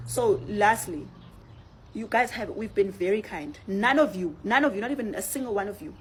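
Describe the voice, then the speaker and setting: A woman with a South African accent delivers a confrontational monologue at a quick clip. She drives each point home with repetition. Her voice sits in a middle register, with faint ambient noise behind it. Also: mid-range voice. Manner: forceful, confrontational, repetitive emphasis. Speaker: activist. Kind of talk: direct-to-camera monologue.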